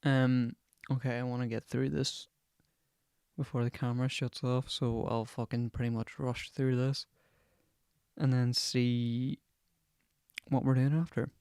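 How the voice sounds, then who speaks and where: A man's voice: medium pitch, little pitch movement, a little slow, long pauses, a little mellow, smooth, dry recording, studio quality. A young man hosting a podcast, rambling casually and swearing constantly as he chats. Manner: swears constantly, chatty and digressive. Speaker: podcast host.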